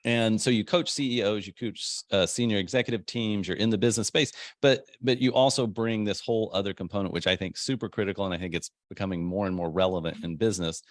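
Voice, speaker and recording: A man's voice: lowish voice, quick pace, hardly any pauses, no room sound, studio quality. A man hosting a podcast, upbeat and rambling, joking often with his guest. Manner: upbeat, rambling, jokey, laughs a lot. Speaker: podcast host. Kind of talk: podcast interview.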